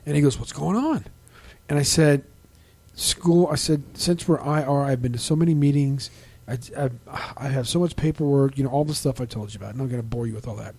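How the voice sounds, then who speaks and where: A middle-aged man hosting a casual podcast, talking in a halting, rambling way with many restarts and fillers, livening up when he quotes other people. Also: mid-range voice, darkish tone. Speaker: podcast host. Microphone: desk microphone.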